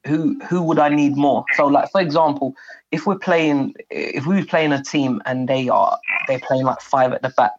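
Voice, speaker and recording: A young man in a casual football chat, explaining tactics at length in a measured way. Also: mid-range voice, highs cut off, a little hiss or hum.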